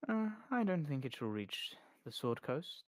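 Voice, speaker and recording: A game master voicing the cool, guarded woman who heads a smuggling guild, speaking in a measured, evasive and faintly ominous way, in a tabletop role-play. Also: medium pitch, very animated, no echo, clean studio sound.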